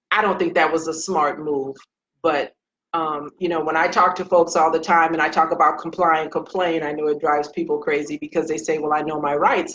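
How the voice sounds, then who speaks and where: A woman's voice: low-pitched, a bit bright, dull audio. A woman, a retired police sergeant, giving casual commentary on a Facebook Live stream. She speaks directly and earnestly, addressing viewers by name.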